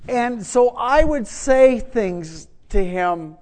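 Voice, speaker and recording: High-voiced preacher in a reverberant hall. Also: male voice, animated, extremely slow. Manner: conversational, self-deprecating, rising to loud emphasis. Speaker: pastor. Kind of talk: sermon.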